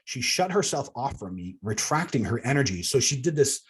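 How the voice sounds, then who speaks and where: Reading from the alien-contact book he wrote, this man stays earnest, adds offhand remarks to listeners, and laughs at himself now and then. He speaks a little fast in a husky, medium-pitched voice with big swings in pitch.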